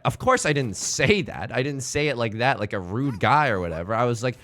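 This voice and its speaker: A man's voice: medium pitch, lively intonation, a little fast, hardly any pauses, fairly bright tone, soft background music. A young man streaming live, telling a rambling, self-mocking story with frequent laughs while he plays a game. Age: young adult.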